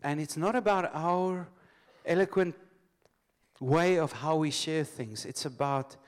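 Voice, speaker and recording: A man's voice: a little high, measured pace. A man preaching a sermon to a church congregation. He leads call-and-response, tells stories with loose restarts and laughs often.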